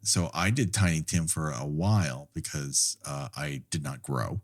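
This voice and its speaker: A man's voice: very deep voice, sing-song, unhurried, gravelly. A man co-hosting a podcast, chatting casually about a film, laughing often, swearing freely and going off on rambling asides. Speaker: podcast co-host.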